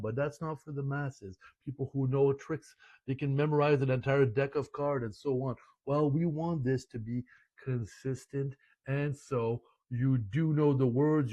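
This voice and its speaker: Slow, chatty French teacher, dry sound. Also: male voice, mid-range voice, mellow, dry recording. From Canada. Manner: chatty, playful, mixes French phrases into English explanations. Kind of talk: online language lesson.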